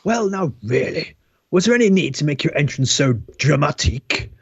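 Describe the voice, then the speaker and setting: A man's voice: fairly high pitch, sing-song, normal speed, husky, no room sound, muffled recording, full character voice. A man reading a fussy, pompous Frenchman with a put-on French accent in a live script read, talking in a flustered, rambling way.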